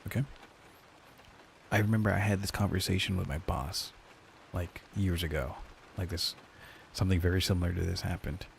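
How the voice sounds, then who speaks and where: A man's voice: deep voice, steady tone, moderate pace, creaky, a little hiss or hum. A man chatting casually and hesitantly in an ASMR stream, with many restarts.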